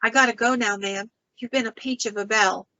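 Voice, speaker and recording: A woman voicing a homesick teenage boy soldier's ghost, who speaks softly and politely. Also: fairly high pitch, fairly even intonation, brisk, dry recording, muffled recording. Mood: gentle.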